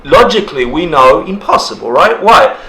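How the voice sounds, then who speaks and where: A man leads a casual class in a roomy hall, his voice bright and forward. He laughs easily and acts out people's reactions in funny little voices. A faint hum of ambience sits under him. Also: on the high side, normal speed. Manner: animated, laughs often, acts out quoted reactions. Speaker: dharma teacher. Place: indoor class room.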